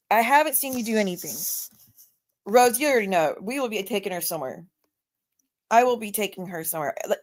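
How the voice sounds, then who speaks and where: A woman hosting a live stream in casual chat, blunt and emphatic, swearing freely. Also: fairly high pitch. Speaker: livestream host.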